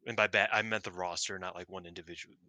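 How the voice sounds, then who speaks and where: A man from the American South with a Southern accent, co-hosting a casual chat, animated and swearing freely. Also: quick pace, no room sound. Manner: animated, swearing, acting out quotes in a high voice. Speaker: podcast co-host.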